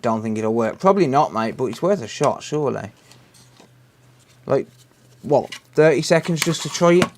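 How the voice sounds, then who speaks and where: Relaxed British male streamer, casual chat to viewers mid-repair. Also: medium pitch, moderate pace. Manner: chatty, answers viewer messages while working, says "mate" often. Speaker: repair livestream host.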